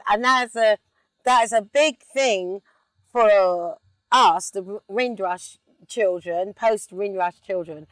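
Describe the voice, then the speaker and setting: A middle-aged London woman talks in a dry, close sound, inside a car. She tells her stories with animated energy and drops into short bursts of song mid-sentence. Her pitch sits in an ordinary middle range. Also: takes it slowly, no echo. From England. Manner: animated storyteller, sings snippets. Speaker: singer, interview guest. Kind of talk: relaxed casual chat.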